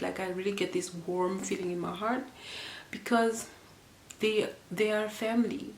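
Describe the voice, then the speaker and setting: A woman's voice: medium pitch, fairly even intonation, moderate pace, roomy sound, slight background noise. A young woman from Namibia telling a personal story to camera in a casual, rambling and emotional way, with many fillers and restarts. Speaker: vlogger.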